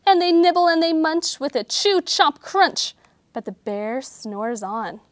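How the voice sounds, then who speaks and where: A woman nature educator reading a picture book aloud and teaching children about animals, speaking gently. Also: sits high, animated, measured pace, no echo.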